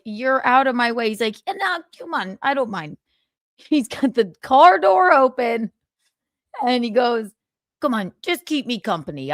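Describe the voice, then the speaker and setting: Animated, swearing woman telling a story. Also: on the high side, no room sound, studio quality. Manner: animated, swears freely, acts out both sides of the exchange. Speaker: podcast host. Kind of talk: casual storytelling monologue.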